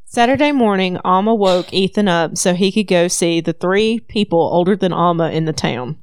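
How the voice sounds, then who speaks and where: A woman's voice: lowish voice, expressive, normal speed, clear, resonant tone. A woman with a Southern accent, hosting a podcast and retelling a story in casual chat. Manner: storytelling, laughs easily. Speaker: podcast host. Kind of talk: casual book recap chat.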